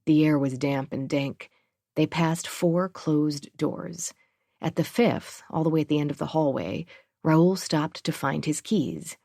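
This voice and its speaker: Female audiobook narrator, low register, dry and close; measured reading. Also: gravelly, mellow, no room sound.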